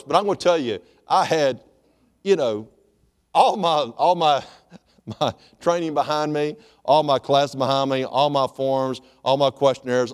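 A male pastor delivers an animated sermon, swinging between loud emphasis and quiet, intimate asides. His voice sits in an ordinary middle pitch. A long reverb trails each phrase, as if recorded in a large sanctuary.

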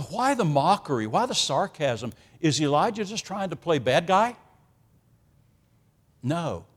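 A man preaches a sermon emphatically, tossing in sarcastic asides, his loudness swinging from hushed to booming.

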